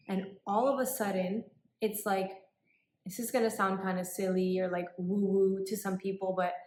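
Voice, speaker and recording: A woman's voice: medium pitch, echoey room. A woman casually telling a personal story in a vlog, chatty with lots of filler words. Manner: chatty, many "like" and "um" fillers, animated retelling. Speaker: vlogger.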